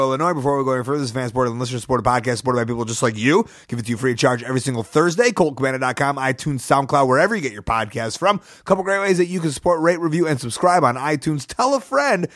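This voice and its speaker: A man's voice: medium pitch, a bit bright, no echo, clean studio sound. A man hosting his own podcast in a casual, rambling monologue, speaking from his apartment while sick with a cold. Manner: chatty, rambling, upbeat plugs. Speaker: podcast host. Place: studio apartment.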